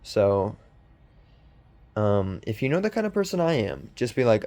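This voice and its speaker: A young man talks in a low-pitched, sarcastic-sounding voice as he hosts a podcast. He rambles through a casual monologue, full of ums, restarts and loose asides. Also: big pitch swings, moderate pace, long pauses, darkish tone. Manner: meandering, with many ums and restarts. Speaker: podcast host.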